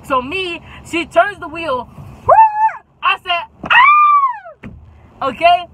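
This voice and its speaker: A woman's voice: extremely high pitch, takes it slowly, noisy background. A young woman tells a casual, dramatic storytime and keeps adding "okay?" to drive her points home. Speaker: YouTube storyteller.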